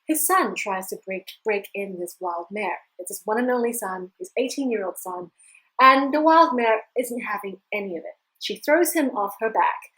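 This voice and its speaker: A woman life coach telling a fable to camera in an animated, casual storytelling manner, acting out the characters. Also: mid-range voice, moderate pace, low-quality recording.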